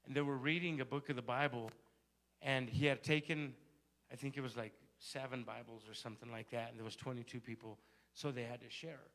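A man's voice: medium pitch, steady tone, brisk, fairly bright tone. A male pastor telling a story in a sermon and building to fervent exhortation. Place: church sanctuary.

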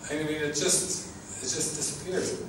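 A man's voice: fairly high pitch, steady tone, measured pace. A man giving an informal spiritual talk as a teacher, earnest and often laughing, repeating his words. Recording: echoey, distant mic with background noise.

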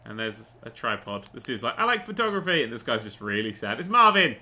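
Very bright, sarcastic gaming host man. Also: on the low side, big pitch swings, brisk. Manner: rambling, sarcastic, goes off on tangents; swears casually. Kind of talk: let's play gaming commentary.

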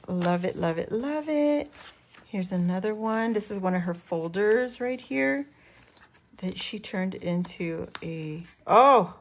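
A woman hosting a casual craft unboxing, gushing with excited exclamations as she shows each piece. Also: on the low side. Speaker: crafting channel host.

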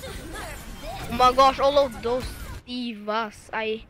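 A woman's voice: a little high, slow pace, a bit bright. A young woman chatting playfully while gaming with a friend, giggling and tripping over her words. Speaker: gamer playing with a friend. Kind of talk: casual gaming chat with silly skits.

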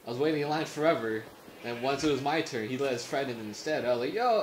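Young gamer dude swearing and laughing, voice going up and down, echoey with noise behind. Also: male voice, mid-range voice, lively intonation, fast talker. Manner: rambling, swears a lot, laughs often. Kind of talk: casual chat while gaming.

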